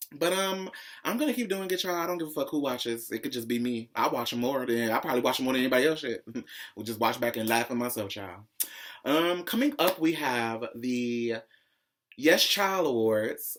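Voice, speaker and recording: A man hosting a pop-culture commentary vlog, talking in a sassy, profane, opinionated way and jumping higher in pitch when excited. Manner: profane, sassy, calls viewers "child"; opinionated ranting, swings high when excited. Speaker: vlog host.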